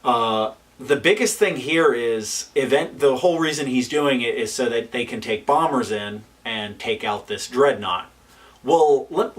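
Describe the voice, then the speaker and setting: A man giving a casual spoken film review, animated and exasperated, with lots of fillers and restarts. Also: mid-range voice, recorded from a distance.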